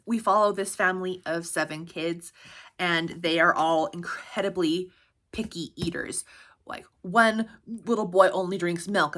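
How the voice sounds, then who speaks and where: A woman's voice: lowish voice, pushed and bright. A woman in her thirties chatting casually about her favorite picture books, bubbly and laughing often between sentences. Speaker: picture book reviewer. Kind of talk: casual book recommendations.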